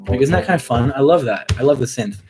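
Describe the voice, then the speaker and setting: A musician hosting a casual live stream, chatting in an upbeat, rambling way with quick asides. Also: male voice, mid-range voice, animated, over music.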